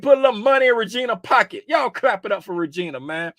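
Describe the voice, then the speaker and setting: A middle-aged man hosting a casual livestream, greeting viewers by name, sometimes dropping to a hushed, confiding tone. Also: high voice, animated, fast, few pauses, dry recording. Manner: drops to a hushed, confiding tone at times. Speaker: livestream host.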